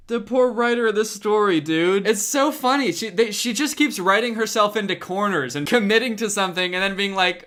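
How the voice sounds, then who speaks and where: A man's voice: high-pitched, a little fast, few pauses, pushed and bright. A young man giving comedic reaction commentary, sarcastic and incredulous, reading a story's lines aloud.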